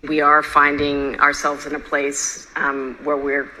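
An Australian woman commissioner speaking in an even, deliberate way, with fillers, during a panel. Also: low voice, slight background noise, low-quality recording.

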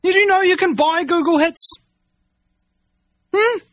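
High-voiced ranting man, dry close sound. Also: unhurried, a bit bright, dry recording. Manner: angry, rambling, swears, stammering restarts. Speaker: commentator reading news. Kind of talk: ranting monologue.

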